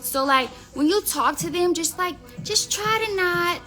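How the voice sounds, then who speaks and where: A prim, sugary-sweet lady speaks in a high, airy, falsely polite tone, as a woman mocks her. The put-on voice lifts well above her own. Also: animated, a little slow, sharp tone, faint music behind, exaggerated voice. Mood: mocking.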